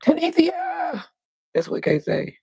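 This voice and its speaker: A woman in her fifties chatting on a livestream as host, telling animated stories with plenty of cussing. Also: low voice, moderate pace, vocal fry, husky, dry recording. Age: 50s. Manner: chatty, animated storytelling with cussing and quoted voices. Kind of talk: casual livestream chat.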